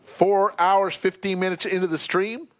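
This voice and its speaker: A man commentating a live poker stream, chatting and reading out viewer shout-outs. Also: high-pitched, steady tone, normal speed, slight background noise.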